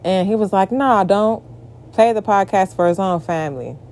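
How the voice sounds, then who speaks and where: A young woman, telling a story in a casual rant, profane and exasperated, breaking into shrill mock outbursts. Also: a little fast, a little mellow.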